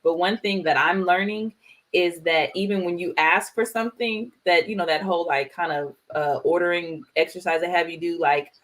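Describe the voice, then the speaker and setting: A woman co-hosting a casual chat, telling stories in a lively way and acting out the quotes. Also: on the low side, normal speed. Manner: animated storyteller, acts out quotes loudly. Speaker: podcast co-host.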